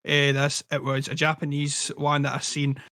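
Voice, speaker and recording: A man's voice: a little high, monotone, unhurried, bright, forceful tone, no echo, studio quality. A young Scottish man co-hosting a casual podcast, wry and teasing. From Scotland. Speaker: podcast co-host. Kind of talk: casual chat.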